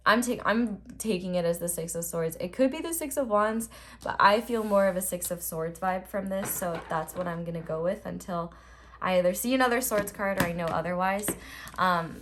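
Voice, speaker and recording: A woman's voice: fairly low pitch, a bit bright, slight background noise. A young woman giving a casual tarot reading, chatty and rambling with frequent filler words. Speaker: tarot reader.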